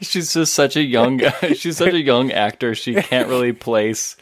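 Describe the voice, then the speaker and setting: A man's voice: mid-range voice, measured pace, no echo, studio quality. A man co-hosting a casual comedic chat, laughing often as he riffs on absurd jokes.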